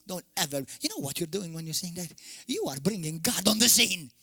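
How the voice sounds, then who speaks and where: A man from Malta preaching a fiery sermon as pastor, swinging from shouted peaks to sudden quiet drops. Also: sits high, sing-song, brisk, husky. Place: church hall.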